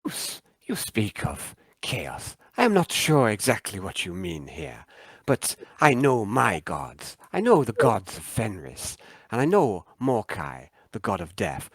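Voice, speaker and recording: A man's voice: lowish voice, fairly bright tone, breathy edge, no room sound, heavily acted. A man voicing a proud old male warrior who is defiant and unafraid of death, speaking in a solemn, grave way.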